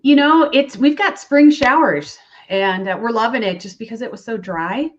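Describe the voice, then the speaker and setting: A woman's voice: fairly high pitch, normal speed. Upbeat woman on a dull video call. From Minnesota. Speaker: guest coach. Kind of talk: casual live-stream chat.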